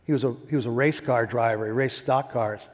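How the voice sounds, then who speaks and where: A man in his sixties telling his story as a winery founder, animated and laughing often. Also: medium pitch, a little fast, long reverb tail. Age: 60s. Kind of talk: storytelling interview.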